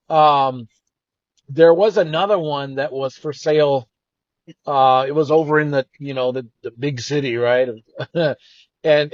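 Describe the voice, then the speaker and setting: A co-host with a slightly high voice earnestly shares a personal anecdote, drifting reflectively as he tells it in a casual storytelling style. The recording is lo-fi, dull and dry, with no room sound.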